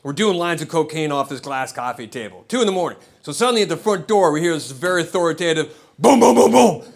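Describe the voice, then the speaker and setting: Stand-up comic, man, slightly higher-pitched voice, rambling and profane, chuckling as he goes, handheld mic on a club stage. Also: animated, fast talker. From United States. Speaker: stand-up comedian. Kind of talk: stand-up comedy set.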